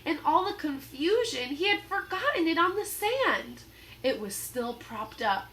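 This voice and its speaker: A woman reading a children's book aloud in an expressive, dramatic storytelling manner. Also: extremely high pitch, unhurried. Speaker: storybook reader.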